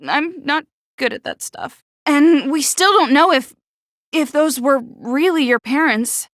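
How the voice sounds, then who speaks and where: A woman voicing a prickly, sharp-tongued teenage girl in a video game, who stutters when flustered. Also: high voice, dry recording, clean studio sound. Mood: firm, teasing. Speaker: game character.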